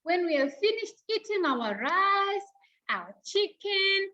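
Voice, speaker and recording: A woman teacher giving an online class over a video call, slowly repeating each point for young pupils. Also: very high-pitched, very animated, pushed and bright, lo-fi sound.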